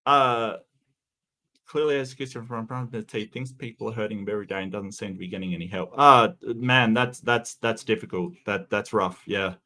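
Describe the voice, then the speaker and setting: A man's voice: lowish voice, sharp tone. Stammering Australian man, casual commentary. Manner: halting, stammers and repeats words. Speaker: commentary host.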